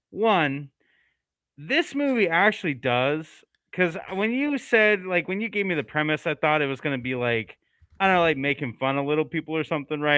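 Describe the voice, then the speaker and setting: Clear, bright-voiced man rambling. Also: fairly high pitch, dry recording. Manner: rambling, self-correcting storyteller. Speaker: co-host. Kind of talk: casual podcast chat.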